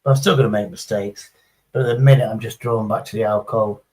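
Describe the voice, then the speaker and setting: A man's voice: fairly low pitch, steady tone, quick pace, darkish tone, rough recording. A middle-aged man, chatting casually on a livestream in a rambling, sweary, sarcastic way. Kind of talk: casual chat.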